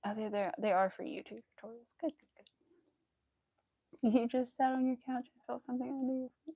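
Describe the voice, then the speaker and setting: A woman's voice: a little high, a little fast, vocal fry, dark tone, breathy edge, no room sound. Chatty woman crocheting on a livestream. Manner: chatty, rambling, many fillers. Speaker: crochet streamer. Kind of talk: casual livestream chat.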